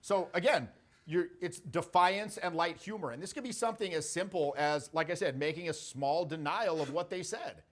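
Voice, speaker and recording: A man's voice: fairly high pitch, normal speed, a bit bright. A man in his forties, a social skills coach, giving a blunt, jokey coaching talk full of stories and swearing. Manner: blunt, profane, jokey storytelling.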